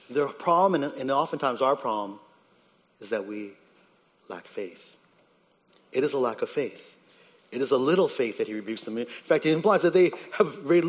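A man preaching a sermon as pastor, earnest and emphatic, rising on key points and dropping low and quiet on others. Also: animated, moderate pace, long reverb tail, muffled recording.

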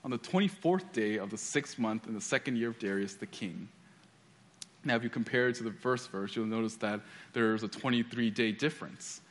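Here a man with a mid-range voice preaches a little fast. The pastor alternates reading scripture with storytelling marked by frequent restarts.

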